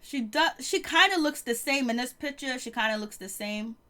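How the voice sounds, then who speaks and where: A woman with a fairly high voice recaps reality TV gossip in a loose, chatty way. She laughs often and trails off mid-thought before picking the thread back up. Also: expressive, moderate pace, pushed and bright.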